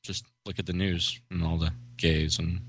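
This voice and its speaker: Low-voiced joking man with bright tone. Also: level tone, moderate pace, slightly rough, no room sound. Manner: joking, playful quips. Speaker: podcast co-host. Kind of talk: casual podcast chat.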